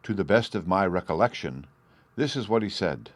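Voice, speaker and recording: A man narrating an audiobook in a steady, measured storytelling style. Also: sits low, no room sound.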